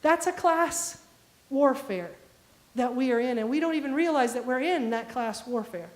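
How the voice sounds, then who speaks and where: A woman's voice: sits high, moderate pace, darkish tone. A woman pastor from the American Midwest, preaching a conversational storytelling sermon and putting direct questions to the congregation. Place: church sanctuary. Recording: echoey church sanctuary.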